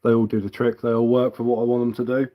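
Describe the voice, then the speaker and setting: A man's voice: mid-range voice, level tone, fast talker, lo-fi sound. A man chatting casually on a live stream as a woodcarver, easygoing and answering viewer comments.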